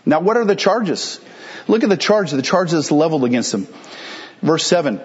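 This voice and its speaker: A man's voice: on the high side, big pitch swings, normal speed, lo-fi sound. A male pastor preaching a sermon in a conversational, explanatory way, asking rhetorical questions and answering them.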